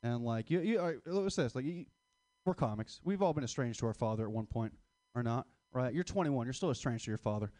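A man's voice: mid-range voice, animated, brisk, warm tone, no room sound. A man in his twenties doing a stand-up comedy set, crude, rambling and self-mocking. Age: 20s. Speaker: stand-up comic.

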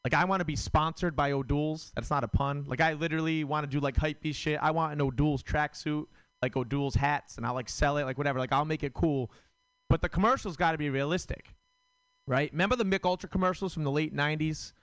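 Male stand-up comic, rambling and self-mocking, smooth clear voice, dry close sound. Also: fairly high pitch, fast talker, fairly bright tone, no echo. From Rhode Island. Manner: rambling, filler-heavy, self-deprecating. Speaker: stand-up comedian. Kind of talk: stand-up set. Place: comedy club stage.

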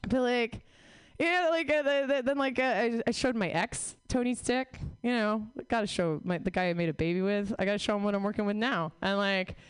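A woman's voice: mid-range voice, fairly quick, clean tone, dry recording. A woman in her thirties doing a rambling, profane, self-deprecating stand-up set on stage. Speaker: stand-up comic. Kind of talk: stand-up set, casual riffing.

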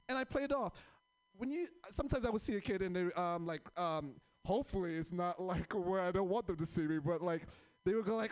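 A male stand-up comedian with a fairly high, lively voice that swings up and down. He rambles through his set with plenty of fillers and pokes fun at himself. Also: no echo. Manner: rambling, self-deprecating, halting with fillers. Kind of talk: stand-up comedy with crowd work.

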